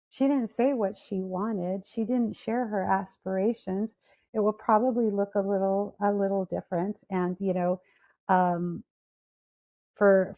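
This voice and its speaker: A woman gives a career talk over a video call, telling a workplace story and lively acting out the people in it. Her voice is mellow and warm, and the call audio sounds a little dull. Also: medium pitch. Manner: storytelling, animated quoted voices. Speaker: speaker. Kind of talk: career talk to an online audience.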